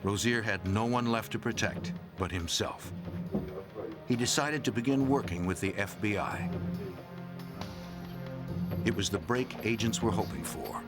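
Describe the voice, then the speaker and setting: A man reading scripted narration for a documentary in an even, serious storytelling manner. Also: on the low side, a little slow, pauses often. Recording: narration over loud music.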